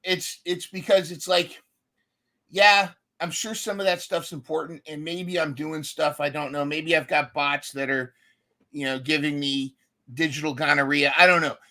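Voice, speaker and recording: A man's voice: on the high side, fairly even intonation, normal speed, pushed and bright. A man hosting a podcast, chatting enthusiastically and rambling with frequent restarts. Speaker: podcast host. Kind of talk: casual conversation.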